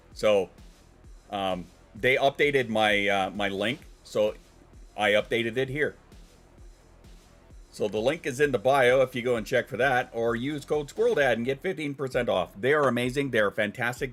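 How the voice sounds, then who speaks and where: A man's voice: medium pitch, fairly bright tone. A man hosting a casual livestream, rambling and joking with plenty of profanity. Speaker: livestream host.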